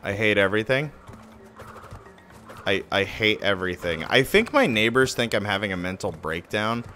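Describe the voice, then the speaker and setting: A man live streaming a game from home, ranting and cursing, swinging between shouts and muttering. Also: lowish voice, moderate pace, soft background music. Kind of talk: profane rant-style game commentary.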